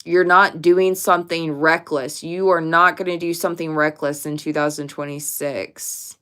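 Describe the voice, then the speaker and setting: A woman reads tarot cards for her viewers in a casual, direct way, stressing her points and swearing freely. Her voice is lowish for a woman and smooth and clear. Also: fairly even intonation, normal speed, a bit bright. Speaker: tarot reader. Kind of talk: casual pick-a-card tarot reading to camera.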